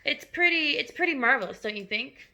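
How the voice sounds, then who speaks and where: A woman's voice: high-pitched, animated, brisk, sharp tone, full character voice. A woman voicing a proud, stubborn six-year-old boy with a matter-of-fact manner, reading a storybook aloud.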